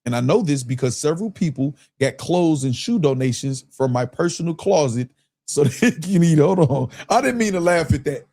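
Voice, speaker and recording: Male streamer host, slangy and casual, reads super chats, slightly higher-pitched voice. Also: moderate pace. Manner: loose, slangy, keeps breaking into laughter; reads viewer comments aloud in a relaxed drawl. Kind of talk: casual live-stream chat.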